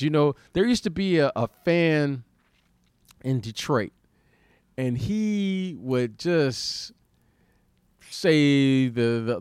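Dry, halting male podcast host. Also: mid-range voice, smooth, no echo. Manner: halting, repeats words, laughs often. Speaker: podcast host and former basketball player. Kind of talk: casual podcast chat.

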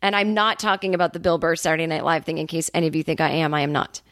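A woman hosting her own podcast, talking casually in a rambling, profane, sarcastic monologue full of quick asides. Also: deep voice, no echo, clean studio sound. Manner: animated storyteller, quick asides. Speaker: comedian podcast host.

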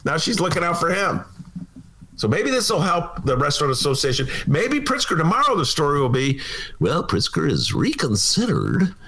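A male political talk host with a fairly high voice that leaps all over the place. He talks in an animated, sarcastic way, tossing jokey asides into his commentary. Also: a little fast.

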